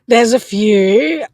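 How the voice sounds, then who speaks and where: A young adult Australian woman telling stories as a podcast guest, animated and quick to act out what people said. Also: medium pitch, no room sound. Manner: animated, acts out quotes, laughs often. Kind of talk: casual storytelling chat.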